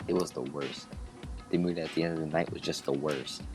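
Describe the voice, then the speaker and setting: Deep-voiced male gamer reading visual-novel lines, casual asides, music bed. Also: fairly even intonation, brisk. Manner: voices every character himself, chatty asides. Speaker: let's play gamer reading dialogue aloud. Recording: game music behind the voice. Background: game music.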